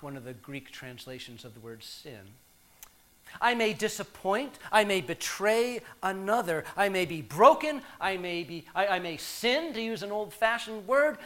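Bright-voiced reflective male pastor. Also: sits high. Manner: reflective, measured, with pauses. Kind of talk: sermon.

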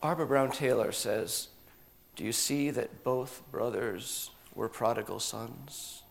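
A man preaching a sermon, telling a story with animated delivery and drawing answers from listeners. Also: mid-range voice, slow pace, gravelly. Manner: animated storytelling, acts out quoted voices.

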